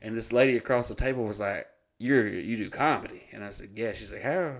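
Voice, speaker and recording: A man's voice: fairly low pitch, quick pace. A man telling a comic story on a podcast, swearing freely and acting out the voices of the people in it. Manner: profane, animated, acts out quoted voices.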